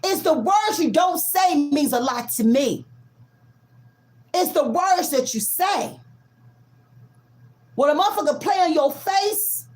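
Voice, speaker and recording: Woman tarot reader, high and lively-pitched, blunt and profane, leans hard on stressed words. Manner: emphatic, drawn-out stresses. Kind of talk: casual collective tarot reading.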